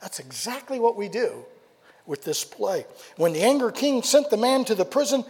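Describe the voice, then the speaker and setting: A male pastor preaching a sermon, telling a story with animated delivery, asking rhetorical questions and dropping to quiet emphasis. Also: high voice, moderate pace, slightly rough. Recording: long hall reverb.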